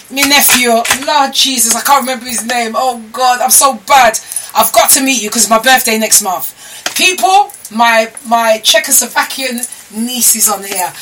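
A woman's voice: on the high side, fairly bright tone. Chatty woman live streaming. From London. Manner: chatty storyteller with exclamations and laughs. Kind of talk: casual live stream chat. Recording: slightly distant mic with noise.

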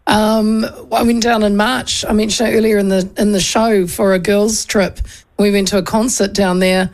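A woman hosting a radio show, chatting and telling stories in a lively, animated way. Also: mid-range voice, moderate pace. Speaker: radio host. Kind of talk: casual radio chat.

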